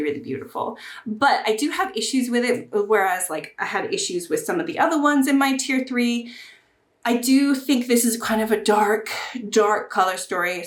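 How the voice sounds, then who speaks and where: Chatty gushing woman, echoey room. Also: fairly high pitch. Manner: chatty, gushing, bursts of excitement. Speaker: beauty YouTuber. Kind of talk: casual makeup review to camera.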